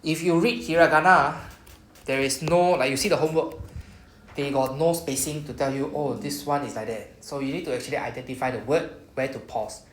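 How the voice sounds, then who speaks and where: Singaporean woman teacher, deep voice, patient drill style, roomy classroom sound with faint noise. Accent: Singaporean English. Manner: patient, repeats words slowly for students. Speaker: Japanese teacher.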